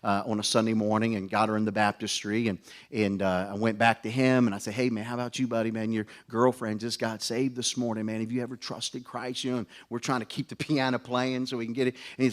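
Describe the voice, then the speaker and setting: A man's voice: medium pitch, fairly quick. A middle-aged man preaching a conference sermon, folksy and joking, with stumbling restarts. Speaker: pastor.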